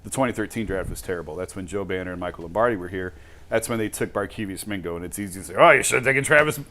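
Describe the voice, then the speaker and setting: A fast-talking man with a lowish voice argues his case on a sports talk show. He pushes his points with emphatic energy. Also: a little hiss or hum. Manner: animated, emphatic arguing.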